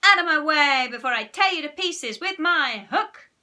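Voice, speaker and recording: A woman doing a loud, bossy boy pirate captain from a children's storybook, swaggering and scheming. The voice is bright and lifted, always ordering others about. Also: high-pitched, lively intonation, normal speed, pitched above the performer's own voice, full character voice. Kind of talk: children's storybook read-aloud.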